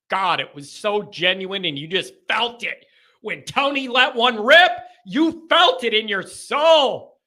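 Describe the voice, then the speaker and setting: Male call-in host in his thirties, high bright voice, rambling jokey rants. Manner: rambling, animated, jokey rants with sudden shouts. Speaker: host of a call-in sports show. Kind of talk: casual chat reading fan comments.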